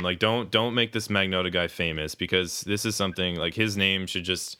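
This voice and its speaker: A man's voice: low voice, a little fast, bright, forceful tone, smooth. A man co-hosting a podcast in casual chat, rambling, swearing often and laughing mid-sentence. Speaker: podcast co-host.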